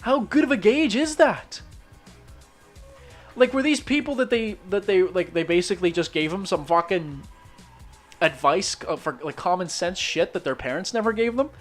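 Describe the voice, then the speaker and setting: A man from Northern Ireland, his accent muted, streams while drawing and rants skeptically in casual chat, swearing a lot and restarting often as he rambles. His voice is high and his pace moderate, with soft music in the background.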